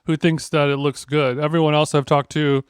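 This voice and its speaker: A man's voice: fairly high pitch, flat delivery, clean tone, no room sound, studio quality. A man co-hosting a podcast, trading crude jokes in casual banter. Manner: joking, crude, quick asides. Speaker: podcast co-host.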